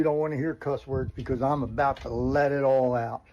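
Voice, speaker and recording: A man's voice: medium pitch, fairly even intonation, moderate pace, a little mellow, a little hiss or hum. Furious cursing man, lo-fi sound. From New Jersey, USA. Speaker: social media poster. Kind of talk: angry rant.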